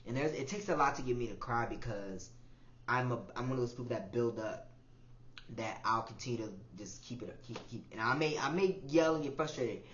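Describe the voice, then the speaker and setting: A man's voice: medium pitch, brisk, slight background noise. Emotional young man musing in a roomy space. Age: 20s. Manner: emotional, repetitive, soft-spoken with sudden louder swells. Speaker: podcast host. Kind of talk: reflective personal monologue. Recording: roomy, dull lo-fi audio with faint ambience.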